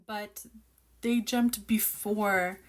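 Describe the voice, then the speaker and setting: A woman chatting casually about a novel she is reading, excitable, opinionated and rambling as she reacts. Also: mid-range voice, drawn-out words. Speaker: book reviewer reacting while reading. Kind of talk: casual book reaction chat.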